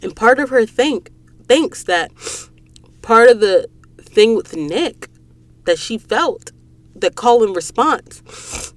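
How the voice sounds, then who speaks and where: A woman hosting a podcast and recapping a book in a casual, animated way, acting out the characters' lines while sniffling from allergies. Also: fairly high pitch, takes it slowly, long pauses, no echo. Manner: animated storyteller, acts out quoted lines. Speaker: podcast host. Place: recording booth.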